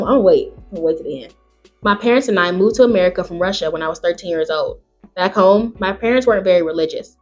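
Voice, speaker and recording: A woman host reading online stories aloud in a quieter voice, then breaking into loud, exclamatory rants full of swearing. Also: medium pitch, muffled recording. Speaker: channel host.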